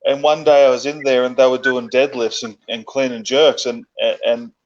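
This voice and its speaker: A man hosts a casual chat and tells his stories in an excitable, animated way. The recording sounds dull and lo-fi. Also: mid-range voice, normal speed. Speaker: host.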